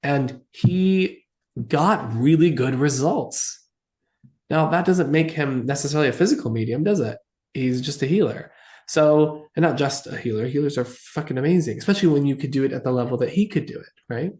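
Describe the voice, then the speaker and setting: A man, an interview guest, recounting events in an animated storytelling manner and acting out the dialogue. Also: fairly high pitch, moderate pace. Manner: animated, acts out quoted dialogue. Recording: roomy echo.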